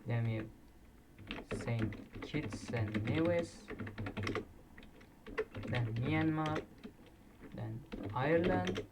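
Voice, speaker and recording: Man, quiz video commentary, halting self-corrections, distant mic. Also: mid-range voice, noisy background. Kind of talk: casual commentary while playing a flag quiz. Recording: distant mic with loud keyboard typing. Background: keyboard clicks and typing.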